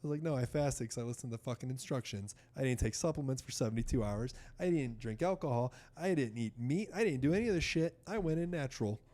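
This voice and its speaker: Brief: thirties guy, casual storyteller, lively swings in pitch, swears freely. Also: quick pace, few pauses. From United States. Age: 30s. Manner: animated, swearing, acts out doctors in quoted voices. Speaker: podcast guest.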